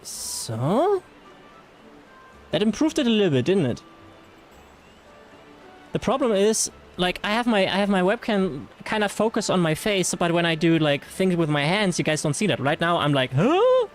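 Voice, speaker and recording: Man, German accent, game livestream chat, slightly high voice, rambling, faint background music. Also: expressive, normal speed, long pauses. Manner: chatty, rambling with fillers and restarts, reads chat aloud. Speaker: streamer. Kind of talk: casual gameplay livestream chat.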